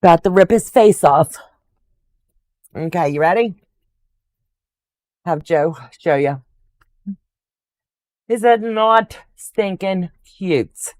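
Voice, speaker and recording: A woman's voice: on the low side, animated, takes it slowly, long pauses, darkish tone, dry recording. An older woman hosting a quilting livestream, chatting casually and gushing affectionately over viewers' comments.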